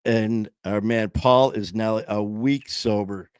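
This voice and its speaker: A man with a lowish voice tells a story to his viewers in an earnest, rambling way, stopping and restarting often. He is hosting a sobriety support livestream from a small home studio. The sound is close and dry, with no room echo. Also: fairly even intonation, slow, smooth.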